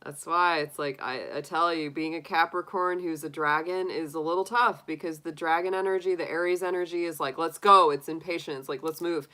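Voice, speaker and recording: Chatty bright-voiced woman tarot streamer. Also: low-pitched, a little fast, few pauses, poor audio. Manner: laughs often, chatty and animated, acts out quotes. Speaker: tarot reader hosting a live stream. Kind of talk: casual live-stream chat with viewers.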